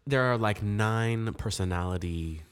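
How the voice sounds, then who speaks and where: Young guy rambling on a podcast, lowish voice, lots of um and like. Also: measured pace. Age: young adult. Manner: rambling, filler-heavy, jokey. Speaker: podcast co-host. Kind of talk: casual chat.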